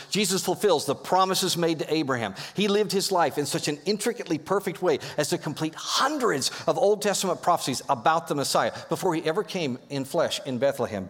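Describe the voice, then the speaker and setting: Joking male pastor in an echoey hall. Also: on the high side. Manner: lively, joking, rallies the congregation. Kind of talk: sermon. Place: church sanctuary.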